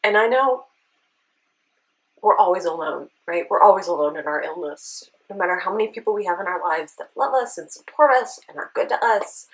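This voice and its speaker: A woman's voice: on the low side, expressive, normal speed, poor audio. A woman vlogger telling an emotional personal story, earnest and sometimes near tears, often checking in with a "right?". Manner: earnest, tearful at times, with rhetorical "right?". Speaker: beauty vlogger.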